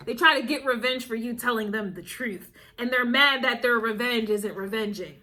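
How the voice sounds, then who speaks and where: A tarot and astrology reader speaks at a moderate pace in a fairly high, bright and forceful voice. Giving a casual spiritual reading, she hammers home her points with repeated phrases, chuckles often, and calls the listener baby.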